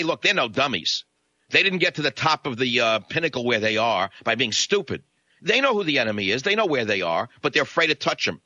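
A man's voice: fairly high pitch, pushed and bright, no room sound, muffled recording. A man hosting a radio talk show, delivering a combative, sarcastic, indignant monologue into a studio microphone. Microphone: studio broadcast microphone.

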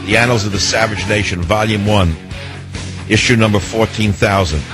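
A man's voice: on the low side, moderate pace, music in the background. An older man hosting a radio talk show in a studio, speaking in an emphatic, declamatory way. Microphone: studio microphone.

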